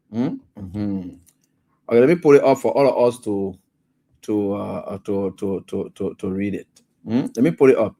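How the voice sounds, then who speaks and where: A man with a Liberian English accent hosting live talk radio, scolding and animated, stumbling over fillers as he reads a statement aloud. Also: mid-range voice. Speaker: radio talk show host.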